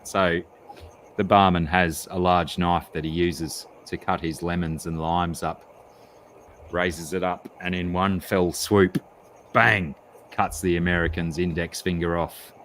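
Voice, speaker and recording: A man chatting on a late-night stream and telling a long joke in a drawn-out, deliberate way. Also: low voice, level tone, a bit bright, a little hiss or hum. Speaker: stream guest. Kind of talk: casual chat and joke telling.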